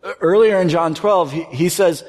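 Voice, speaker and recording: An earnest man delivers a sermon, pressing hard on some points and sinking to a near hush on others. His voice sits a little high. A long echo trails each phrase, as in a large hall. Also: moderate pace. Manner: earnest, swings from emphatic to hushed and quiet. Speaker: pastor.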